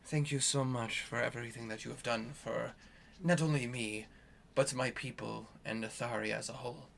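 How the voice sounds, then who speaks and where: A man voicing a grateful male king who speaks formally and haltingly, with fillers. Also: medium pitch, fairly even intonation, vocal fry, a bit bright, slight background noise.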